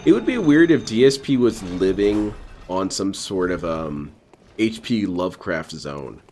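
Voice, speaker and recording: A man's voice: low-pitched, expressive, measured pace, darkish tone, a little hiss or hum. A man hosting a live restream, making sarcastic, mocking jokes and going off on absurd tangents. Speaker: host reacting to a restreamed gameplay video. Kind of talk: casual live commentary.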